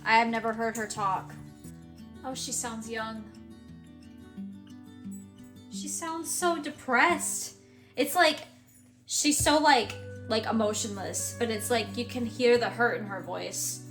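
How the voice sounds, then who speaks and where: With a fairly high voice and a slightly slow pace, a young vlogger talks casually about the book she's been listening to. She rambles and corrects herself often, using plenty of fillers, with music running underneath.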